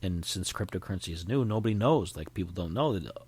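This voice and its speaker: A man's voice: sits low, lively intonation, fast talker, hardly any pauses, darkish tone, slightly rough. A man hosting his own podcast, talking casually in a rambling way with frequent restarts. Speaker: podcast host. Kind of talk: casual solo podcast talk.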